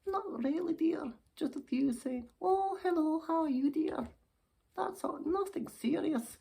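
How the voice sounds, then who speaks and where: A woman voicing a chatty, giddy Scottish woman puppet in her sixties, who speaks in a high, fluttery voice and calls everyone dear in a ventriloquist act. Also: expressive, unhurried, creaky, warm tone, exaggerated voice. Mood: giddy, excited. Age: 60s.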